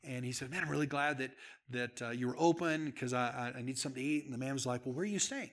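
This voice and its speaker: A man preaching a sermon as a pastor, telling stories, dropping to a hush and then building to shouts. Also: medium pitch, quick pace. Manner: storytelling, swings from hushed to shouting.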